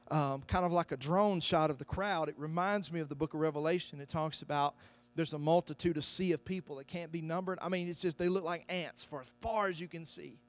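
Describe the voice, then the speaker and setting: A man preaching a sermon, telling a story that builds to loud, shouted climaxes. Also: a little high. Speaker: pastor.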